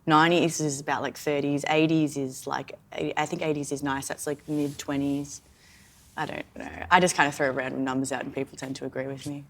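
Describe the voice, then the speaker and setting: A woman with an Australian accent, hoarse as she recovers from illness, chatting as a podcast co-host. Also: low-pitched, level tone, brisk, slight background noise. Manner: chatty, laughs often. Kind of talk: casual chat.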